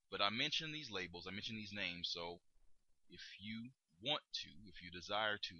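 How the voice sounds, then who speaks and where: A man hosting a podcast lesson on communication, speaking deliberately and stressing key words as he explains. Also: deep voice, bright, forceful tone, slightly rough, dry recording, dull audio. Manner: deliberate, emphatic, stretches key words for demonstration. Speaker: podcast host teaching communication skills. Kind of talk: instructional podcast talk.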